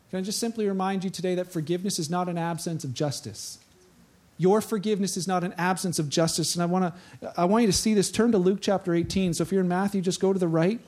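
A man preaching a conversational sermon, telling a story in an animated way and acting out the voices. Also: high-pitched, quick pace. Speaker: pastor.

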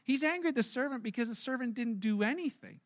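A man's voice: very high voice, lively intonation, fast talker. A male pastor preaching a sermon in a storytelling manner, acting out the characters he describes.

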